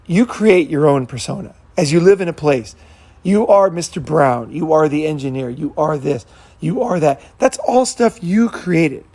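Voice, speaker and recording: A man with a gravelly, husky voice that sits a little high for a man. He rambles through an unscripted monologue, swearing freely and circling back to repeat his points. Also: animated, moderate pace, a little mellow. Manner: profane, rambling storyteller who repeats himself. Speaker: channel host.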